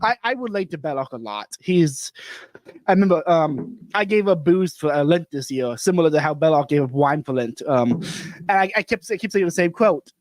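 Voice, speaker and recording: Laughing, storytelling podcast host. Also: male voice, on the high side, brisk, no room sound. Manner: laughs often, animated storytelling. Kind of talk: casual podcast conversation.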